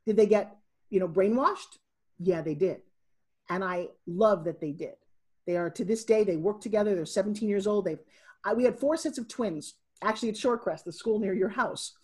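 A middle-aged woman, a guest on a podcast, telling stories in an animated way and acting out what people said. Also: medium pitch, brisk, breathy edge. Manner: animated storyteller, acting out quotes. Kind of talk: casual interview.

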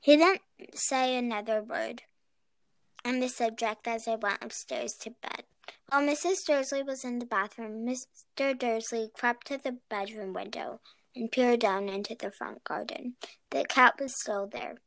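Slow-reading woman narrator. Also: on the high side, steady tone, gravelly, a bit bright, no room sound. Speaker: reader. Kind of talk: reading a storybook aloud.

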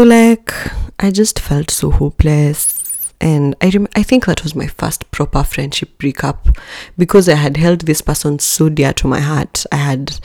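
A woman hosting a podcast, telling a personal story in a candid, expressive way, with joking asides to listeners. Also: dry recording. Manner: candid and expressive, with jumps in pitch and level. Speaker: podcast host.

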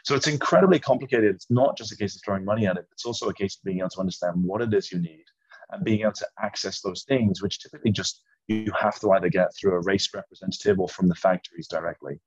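A man who is a guest ski racer, explaining his sport in a measured way during an interview. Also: deep voice, breathy edge, no echo. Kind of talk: casual interview. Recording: dry, slightly dull sound.

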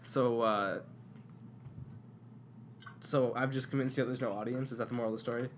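A young man co-hosting a podcast, talking in a dry, self-deprecating way with quiet asides. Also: medium pitch, fairly even intonation, moderate pace, a little hiss or hum. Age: young adult. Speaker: podcast co-host. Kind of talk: casual chat.

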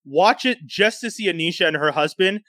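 High, bright-voiced man telling a story. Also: a little fast, dry recording. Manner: animated, profane, laughing storyteller. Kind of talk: casual storytelling recap.

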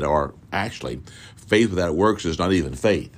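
Man, televangelist, deep voice, fervent repetitive preaching, televised sermon. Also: lively intonation. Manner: fervent and repetitive, with drawn-out emphatic phrases. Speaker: televangelist pastor. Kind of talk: televised sermon with donation appeal.

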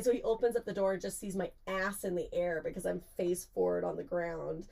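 Young woman, podcast co-host, casual storytelling, frequent laughter, swearing, medium pitch. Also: normal speed, gravelly. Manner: laughs often, animated, swears freely.

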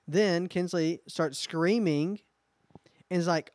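Young man, slightly high voice, podcast co-host, dry close sound. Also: normal speed, dry recording. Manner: lively storyteller, acts out quotes. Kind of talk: casual chat.

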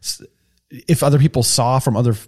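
A man in casual podcast conversation, his voice sitting at an ordinary middle pitch. He rambles, trips over restarts and leans on fillers, talking loosely about life on construction jobs. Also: fairly even intonation, brisk, a little mellow, husky. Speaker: podcast co-host; construction tradesman. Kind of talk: casual chat.

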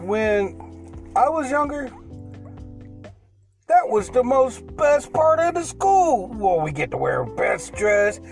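A man's voice: extremely high pitch, very animated, creaky, soft background music. A man co-hosting a podcast, chatting playfully in a casual, loose way. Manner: playful, drawn-out delivery with shouted pirate growls. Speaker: podcast co-host.

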